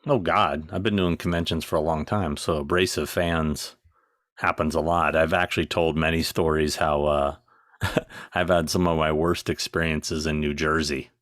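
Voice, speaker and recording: A middle-aged man with a very low voice tells stories in a blunt, exasperated way. He is recorded close and dry, with no room sound. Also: steady tone, moderate pace, a bit bright, no echo. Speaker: guest. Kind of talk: casual anecdote telling.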